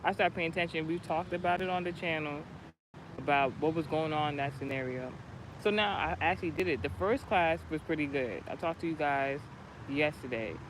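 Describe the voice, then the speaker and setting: A man's voice: on the high side, a little fast. Rambling man talking outdoors by traffic. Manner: rambling, animated storytelling with many restarts. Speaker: vlogger. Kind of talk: casual spiritual vlog talk. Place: outdoors near a street with passing cars. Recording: noisy outdoor street recording.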